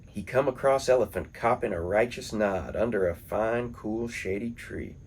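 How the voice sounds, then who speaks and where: A man reading poems and folktales aloud in a calm, measured storytelling manner. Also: lowish voice, a little hiss or hum. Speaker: poetry reader.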